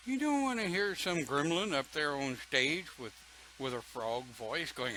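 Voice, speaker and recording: Slow, folksy older man. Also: on the high side, expressive, pushed and bright, slight background noise, rough recording. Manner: folksy and chatty, laughing often. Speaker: pagan church leader. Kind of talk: casual talk to an online congregation, reading comments.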